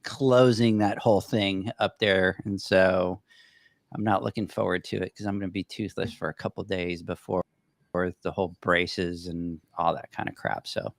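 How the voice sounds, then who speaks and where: A man's voice: low voice, steady tone, normal speed, no room sound, clean studio sound. A middle-aged man co-hosting a podcast, telling a rambling, self-deprecating story with many restarts. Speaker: podcast co-host. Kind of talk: casual storytelling chat.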